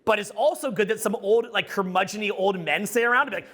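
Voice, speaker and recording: Man, middle-aged, profane, rambling, gravelly, very animated pitch. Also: a little fast, few pauses. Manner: loud, excitable, profane, rambling. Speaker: social skills coach. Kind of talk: casual live talk to a room.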